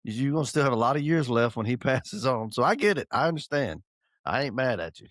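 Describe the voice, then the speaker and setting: A middle-aged man, teasing and laughing through a casual podcast chat. His pitch swings widely, and the recording is close and dry with no room sound. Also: big pitch swings, fairly quick, fairly bright tone, no room sound. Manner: joking, teasing, laughs often. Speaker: podcast co-host.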